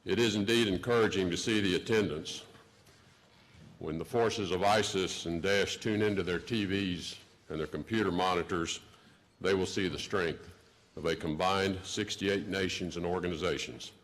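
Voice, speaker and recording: A man in his sixties with a Texan accent, delivering a formal prepared speech in a measured, deliberate way. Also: low-pitched, fairly bright tone. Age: 60s. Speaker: government official giving a speech.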